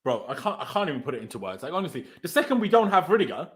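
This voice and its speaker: A man with a notably high voice hosts a live post-match reaction. He rants in exasperation, tripping over his words and swearing freely. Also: very animated, very fast. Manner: exasperated, stumbling, swearing rant. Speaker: football fan show host.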